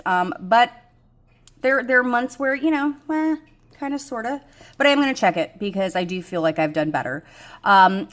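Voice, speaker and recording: A woman's voice: medium pitch, a bit bright. A middle-aged woman, chatting frankly about her budget goals, rambling with many ums and poking fun at herself. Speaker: budgeting vlogger. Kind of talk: casual chat to camera.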